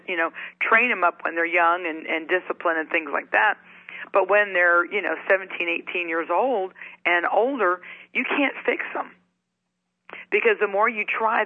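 A middle-aged woman, a book author, telling personal stories as a guest in an interview, lively and animated. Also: mid-range voice, dry recording. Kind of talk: interview storytelling. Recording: tinny phone-like sound.

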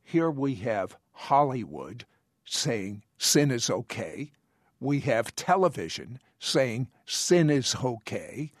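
A man hosting an interview, speaking earnestly and interjecting, with halting restarts. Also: mid-range voice, big pitch swings, no echo, studio quality. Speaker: TV show host. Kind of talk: interview talk.

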